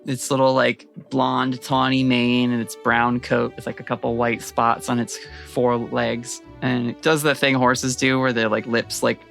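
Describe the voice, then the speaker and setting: A man running a tabletop game who describes each scene at length, with plenty of fillers along the way. His voice has a gravelly, creaky texture at a middling pitch. Faint music plays underneath. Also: monotone, a little slow, few pauses, fairly bright tone. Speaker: game master.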